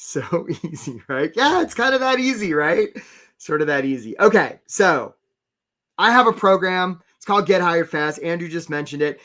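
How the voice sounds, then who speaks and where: A man coaching job seekers in a live webinar, talking fast and energetically and addressing viewers in the chat. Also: a little high, animated, sharp tone. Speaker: career coach hosting a webinar.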